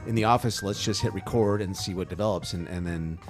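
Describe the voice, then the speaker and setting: A man's voice: low-pitched, fairly quick, faint music behind. A man co-hosting a podcast in casual chat, rambling with many restarts. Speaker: podcast co-host; graphic designer.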